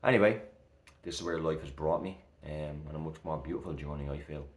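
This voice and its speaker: A man in his thirties speaks straight to camera in a very deep, even voice. He talks in an earnest, reassuring way, loose and full of fillers. The room around him sounds echoey. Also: a little fast. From Ireland. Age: 30s. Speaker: recovery coach vlogger. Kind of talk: heartfelt casual talk to camera.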